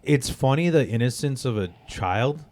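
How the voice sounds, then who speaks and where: Loose-talking young Chicago comedian. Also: male voice, mid-range voice, expressive, normal speed, darkish tone, slight background noise. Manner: loose, profane storytelling with many "like" fillers. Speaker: comedian guest. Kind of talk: casual chat.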